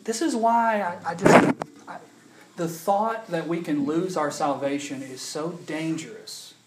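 A man's voice: on the high side, measured pace, background noise. Male pastor, chatty sermon voice that builds to emphatic preaching, echoey room. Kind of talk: sermon with personal story.

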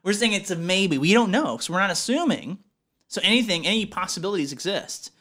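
A man's voice: high-pitched, animated, a bit bright. A man co-hosting a podcast, joking playfully in casual banter. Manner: playful, joking, quick to laugh. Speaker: podcast co-host.

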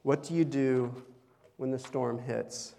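A man's voice: mid-range voice, fairly even intonation, slow pace, creaky, mellow. A male pastor preaching a sermon in a conversational way, often putting questions to the congregation. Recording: long hall reverb.

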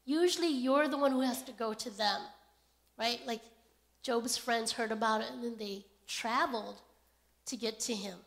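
A woman preaching a sermon in a gentle, unhurried way, often pausing to check in with "okay?". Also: fairly high pitch, creaky. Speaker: pastor.

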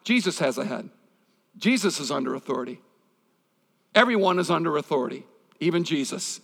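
A male pastor delivers a sermon in a relaxed, conversational way, weaving scripture together with stories from his own life. His voice sits a little higher than most men's, and a long reverb trails behind him as if he were speaking in a large hall. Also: a little fast, vocal fry. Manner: conversational preaching with personal stories.

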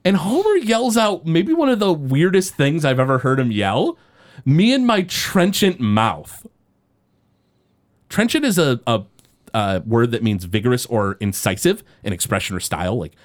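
A man recapping a cartoon episode in casual podcast chat, rambling and halting with many fillers. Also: medium pitch, very animated.

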